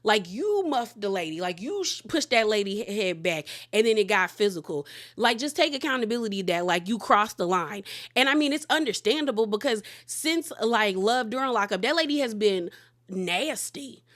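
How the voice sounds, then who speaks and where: A woman recapping a reality TV episode in casual, animated storytelling, acting out the quotes as she goes. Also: medium pitch, moderate pace.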